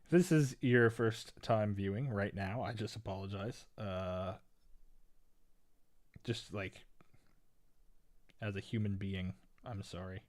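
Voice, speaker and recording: A young man from Canada, chatting casually as he streams chess, rambling and swinging between low mumbles and loud exasperated bursts. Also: takes it slowly, pauses often, no room sound. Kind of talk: casual live-stream chat.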